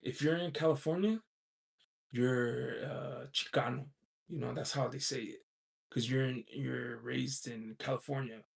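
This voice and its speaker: Unhurried and fairly even in intonation, this American man's mid-range voice has a gravelly, creaky, husky quality rather than a clean one. Hosting a loose livestream chat, he reads viewer comments, rambles, and fills his talk with "you know" and little chuckles.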